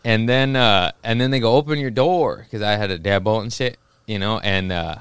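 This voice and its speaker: A man's voice: fairly low pitch, brisk, a bit bright, clean tone, no echo. A young man telling a rambling, profane story in casual podcast chat, acting out the voices of people in it. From Los Angeles area. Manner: rambling, profane, acts out voices in his stories. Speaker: stand-up comic guest.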